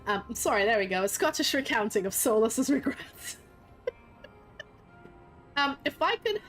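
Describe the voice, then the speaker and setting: A woman's voice: high-pitched, sing-song, unhurried, a bit bright, soft background music. A young woman streamer chatting casually with her viewers, often laughing and swearing, sometimes in a put-on Scottish accent. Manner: puts on a playful mock Scottish accent. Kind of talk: casual live-stream chat.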